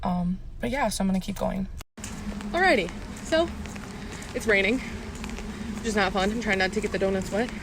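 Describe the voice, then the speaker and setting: A woman's voice: mid-range voice, fairly even intonation, fast talker, vocal fry, noisy background. A young adult woman vlogging casually to camera, rambling with lots of "um"s and "like"s. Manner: rambling, many "um"s and "like"s. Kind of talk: casual vlog talk to camera.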